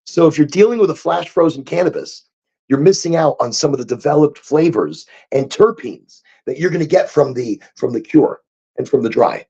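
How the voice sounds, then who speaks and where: A man hosting a casual livestream chat, high and rambling, repeating himself and chuckling at his own jokes. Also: expressive, moderate pace, creaky, dark tone, husky, muffled recording. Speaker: podcast host.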